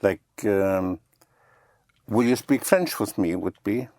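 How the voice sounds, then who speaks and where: A man's voice: on the low side, slow pace, darkish tone, no echo. A man teaching French vocabulary, patiently repeating each word and spelling it out letter by letter. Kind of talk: language lesson.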